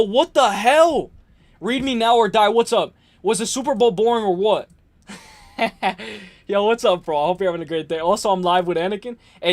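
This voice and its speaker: A man hosting a live stream, ranting and joking in an excitable, profane way while reading viewer comments. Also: high voice.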